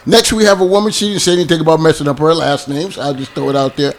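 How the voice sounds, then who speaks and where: A man's voice: fairly high pitch, fairly even intonation, very fast. A man hosting a talk show panel, joking and bantering with his co-host.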